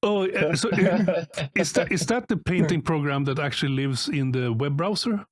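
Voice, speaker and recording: Man, host, casual chat, short interjections, husky, higher pitch. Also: normal speed. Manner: brief encouraging interjections.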